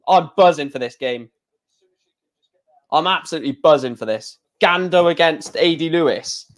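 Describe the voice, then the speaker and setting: A man hosting a live stream, chatting casually and excitedly to his viewers. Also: fairly high pitch, moderate pace.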